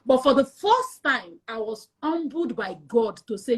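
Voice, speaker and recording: A young woman with a Nigerian accent, telling her personal story as an interview guest in an emphatic, animated way. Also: high-pitched, measured pace, breathy edge. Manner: emphatic and animated, acts out quoted voices.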